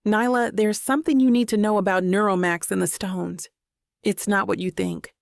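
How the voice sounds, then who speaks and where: A woman voicing a gentle but firm middle-aged mother in an audiobook, soft and earnest. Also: medium pitch, steady tone, moderate pace, creaky, dry recording, clean studio sound, lightly acted.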